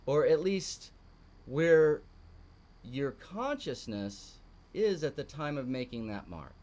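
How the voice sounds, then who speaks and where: A man's voice: a little high, sing-song, slow, darkish tone. A middle-aged man with a Texan accent, teaching a live online morning art class, emphatic and repeating phrases for stress. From Texas.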